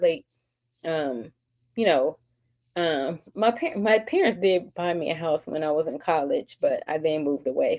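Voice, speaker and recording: A book club host with a slightly mellow, lowish woman's voice runs a live-stream book discussion. She's chatty, upbeat and gushing, reading passages aloud and answering commenters in the chat.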